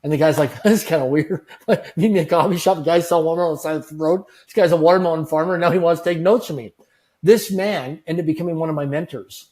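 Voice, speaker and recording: A man's voice: on the high side, fast, a little mellow. A man telling motivational stories as an interview guest, earnest and emphatic, repeating key phrases and acting out quoted dialogue. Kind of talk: motivational storytelling.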